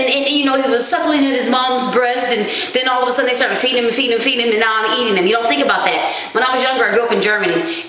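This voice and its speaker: A woman vlogging at home, chatting to camera in an animated, self-mocking way. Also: fairly high pitch, slight background noise. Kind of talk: casual chat to camera. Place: small dim room at home. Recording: very echoey room.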